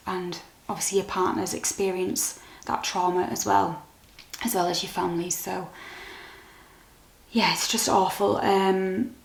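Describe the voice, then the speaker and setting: A young British woman vlogger telling a personal story to camera in a soft, candid, halting way that turns emotional. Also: mid-range voice, steady tone, gravelly. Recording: echoey room.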